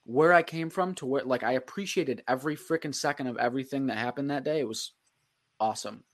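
A man's voice: mid-range voice, quick pace. Laid-back, reflective podcast co-host man. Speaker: podcast co-host, real estate agent. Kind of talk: casual podcast chat.

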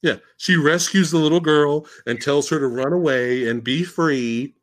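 A man hosting a casual podcast, mocking a film's plot in a profane, animated way as he retells it. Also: a little high, normal speed. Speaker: podcast host. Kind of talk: casual podcast film discussion.

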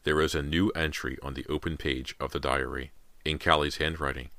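A man's voice: rumbling low, fairly even intonation, a little fast, sharp tone, no room sound. A man narrating a horror audiobook in a suspenseful, dramatic reading.

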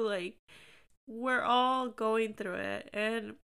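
Woman, podcast host, casual chat, chatty, encouraging, clear resonant voice. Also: medium pitch, steady tone, measured pace, fairly bright tone. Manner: candid, chatty, encouraging, many fillers. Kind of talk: casual solo podcast talk.

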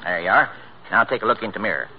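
A man's voice: fairly low pitch, racing, slight background noise, close to an everyday voice. A man with a Midwestern American accent playing a folksy small-town tailor in a 1940s radio comedy. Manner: folksy, easygoing drawl. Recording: dull old radio recording.

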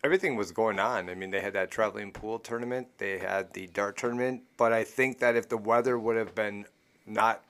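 A man's voice: fairly low pitch, steady tone, fairly bright tone, smooth. A man co-hosting a casual podcast with friends, rambling with many restarts. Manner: rambling, halting, full of fillers. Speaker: podcast co-host. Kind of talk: casual chat among friends.

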